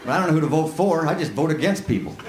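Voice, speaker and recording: A man with a West Texas accent doing a live stand-up set, plain-spoken and folksy with quick punchlines. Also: on the high side, animated, very noisy. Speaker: stand-up comic. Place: comedy club stage with audience. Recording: roomy live club recording with loud crowd laughter.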